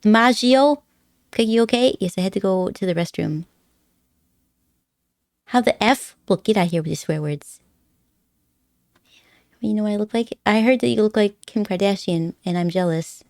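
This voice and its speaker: A woman's voice: mid-range voice, normal speed, long pauses, a little mellow, no echo, clean studio sound. A woman live streamer chatting casually with her viewers, rambling and giggly, laughing often and teasing her chat playfully.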